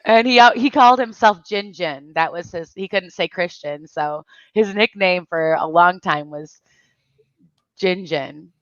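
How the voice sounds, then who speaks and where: A chatty woman in her forties, hosting a relaxed conversation and laughing easily through her stories. Her voice sits low and sounds smooth and resonant. The recording is close and dry but a little dull. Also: a little slow, no room sound. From Michigan. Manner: chatty, laughs often while telling stories. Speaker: channel host. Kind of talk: casual chat.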